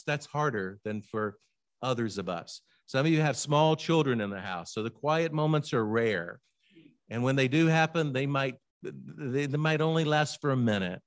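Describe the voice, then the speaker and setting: An older man preaching a sermon in an unhurried, conversational way. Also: mid-range voice. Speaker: pastor.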